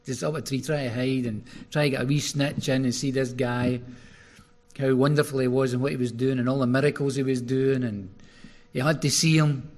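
A man preaching a sermon, retelling a story in an animated way with sudden rises in his voice. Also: mid-range voice, a little fast.

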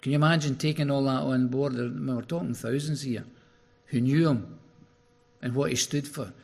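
Man, preacher, sermon, animated storytelling, husky, gravelly. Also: medium pitch, normal speed. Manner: animated storytelling with sudden rises.

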